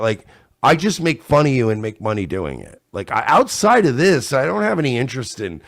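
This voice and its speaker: Animated gravelly-voiced man, casual chat. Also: medium pitch, normal speed, dry recording, clean studio sound. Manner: animated, acts out others in loud voices. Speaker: podcast guest.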